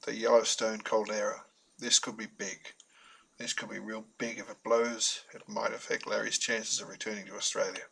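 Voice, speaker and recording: A man's voice: on the low side, little pitch movement, normal speed, creaky, pushed and bright, slightly rough, poor audio. A man narrating a self-published story in a chatty, wry manner with humorous asides.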